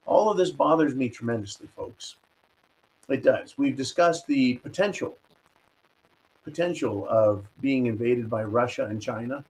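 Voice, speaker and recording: A man hosts a political commentary show and rants at the camera. He is indignant and sarcastic, and his voice sits at an ordinary middle pitch. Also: measured pace, a little mellow, rough recording. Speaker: host.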